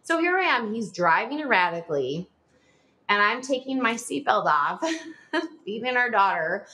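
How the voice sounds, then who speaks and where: A woman's voice: medium pitch, big pitch swings, moderate pace, bright, forceful tone. A woman in her forties telling a personal story as a podcast guest, chatty, with lots of "like" fillers and short nervous laughs.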